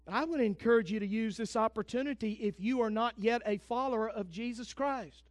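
A man preaching, his voice sitting strikingly high for a man. He delivers a fervent sermon, swinging from loud declarations down to hushed, intense asides. The recording is very dry, with no room sound at all. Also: a little fast, no echo. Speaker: pastor.

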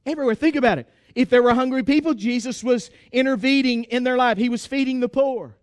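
A pastor preaches to his congregation with emphatic exhortation, repeating phrases to drive them home. His voice is extremely high and fast, with dry, studio-quality sound.

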